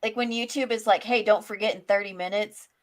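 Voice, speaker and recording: A woman's voice: mid-range voice, steady tone, brisk. Sarcastic, swearing woman co-host. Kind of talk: casual chat on a live stream.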